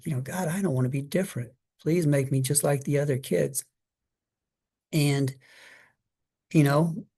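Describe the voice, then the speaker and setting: A man's voice: mid-range voice, gravelly, dark tone. Middle-aged man telling his life story. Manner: conversational storytelling, acts out his child self and mother in quotes; frequent fillers and restarts. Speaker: guest speaker. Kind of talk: personal story told to an audience.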